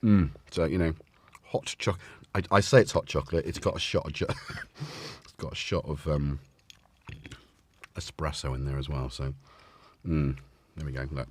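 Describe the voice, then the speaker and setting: With a rumbling low, husky voice, a man runs a casual livestream from a room in his home, speaking at normal speed with long pauses. He wanders from point to point, tripping over words, on a desk mic with headphones.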